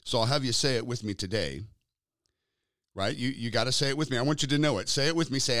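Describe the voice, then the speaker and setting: A man hosting a sermon podcast, with a lively, sing-song opening that settles into slow, deliberate preaching. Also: mid-range voice, no room sound, clean studio sound.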